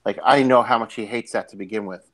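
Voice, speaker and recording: A man's voice: on the low side, fast, fairly bright tone. A man with a New York accent co-hosting a podcast, agreeing readily and telling stories with many fillers. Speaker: podcast co-host. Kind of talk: casual chat.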